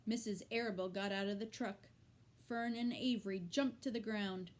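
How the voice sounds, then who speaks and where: A woman reading a children's novel aloud with slow, deliberate narration. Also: mid-range voice, fairly even intonation. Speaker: reader.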